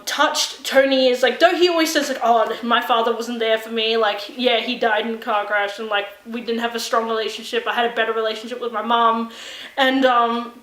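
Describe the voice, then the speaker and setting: A young woman gushes through an excited film review, her high voice bright and sharp. She tumbles along with constant "like" fillers and playful re-enactments. The room around her rings with echo. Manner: gushing, fast filler-heavy chatter with lots of "like". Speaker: movie reviewer vlogger. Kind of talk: excited casual movie review.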